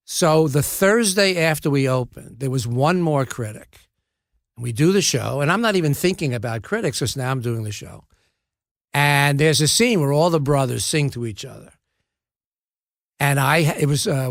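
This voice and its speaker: A man in his seventies, an actor and podcast guest, telling wry, self-deprecating stories in a relaxed way, often restarting his sentences. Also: fairly high pitch, normal speed, gravelly, no echo, studio quality. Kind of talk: casual anecdotal storytelling.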